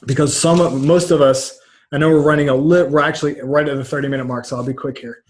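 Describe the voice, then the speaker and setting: A man's voice: fairly high pitch, steady tone, fast talker, darkish tone. A middle-aged man, a mindset coach, talking casually in an interview over a video call, rambling and repeating words with frank energy. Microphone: webcam about two feet away.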